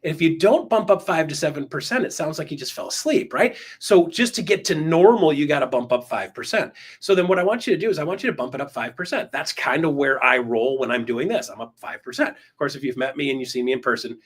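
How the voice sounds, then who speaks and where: A man coaching real estate agents in an enthusiastic, emphatic motivational talk, swinging his pitch up and down. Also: lively intonation, quick pace, few pauses, slightly rough.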